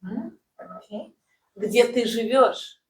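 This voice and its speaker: A woman's voice: fairly high pitch, expressive, slow pace, roomy sound, recorded from a distance, poor audio. A woman who speaks Russian natively, teaching a language lesson in English and having the learner repeat phrases after her. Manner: patient, drills phrases for repetition, checks with "right?".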